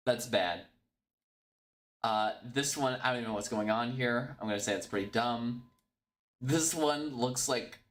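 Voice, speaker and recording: A man's voice: mid-range voice, fairly bright tone. A man thinking aloud on his stream, with a voice that rises and dips a lot. He is blunt and mocking, and he swears casually as he judges each one. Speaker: streamer ranking football club logos. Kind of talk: casual solo commentary.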